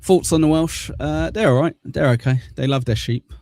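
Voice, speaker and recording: A man's voice: on the high side, normal speed, a little mellow, no echo. A man from southern England with an accent close to Cockney, hosting a livestream and chatting casually through viewer comments in a rambling, laid-back way with casual swearing. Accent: southern English, near Cockney. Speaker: livestream host.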